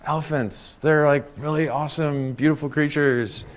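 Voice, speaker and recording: A man giving a lively talk to a live conference audience, often checking in with "right?" and "okay?". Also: a little high, normal speed. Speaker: conference speaker.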